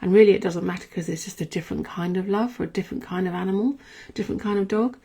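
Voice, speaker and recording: A woman's voice: mid-range voice, fast, creaky, warm tone, slightly rough. A woman hosting a podcast and musing in a rambling, reflective monologue that keeps correcting itself. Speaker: podcast host.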